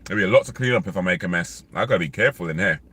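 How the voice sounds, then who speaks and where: A man's voice: sits low, very fast, bright, forceful tone, breathy edge. A man, vlogging in casual, rambling chat while eating in his car. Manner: rambling, chatty, many fillers. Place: inside a parked car.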